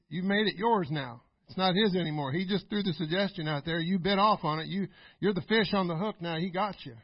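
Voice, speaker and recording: List: male pastor preaching, emphatic and repetitive, high gravelly voice, dull dry recording. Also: dry recording. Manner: emphatic, repetitive, rising to loud exclamations. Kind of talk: sermon.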